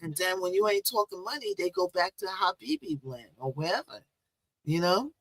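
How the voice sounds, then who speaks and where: A woman hosting a live-stream gossip show in casual, chatty talk, teasing and repeating herself, with sudden loud leaps in pitch. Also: sing-song, moderate pace, vocal fry, no echo, rough recording. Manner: chatty, repetitive.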